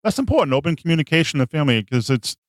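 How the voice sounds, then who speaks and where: A man hosting a podcast in a quick, chatty way, laughing along with his guest. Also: fairly high pitch, very animated, no room sound, clean studio sound. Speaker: podcast host. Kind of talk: casual interview chat.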